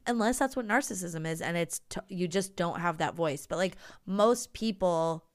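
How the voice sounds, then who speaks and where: A woman co-hosting a podcast in chatty, animated talk, using "like" often. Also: lowish voice, normal speed, few pauses. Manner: chatty and animated, heavy use of "like". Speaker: podcast co-host. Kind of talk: casual chat.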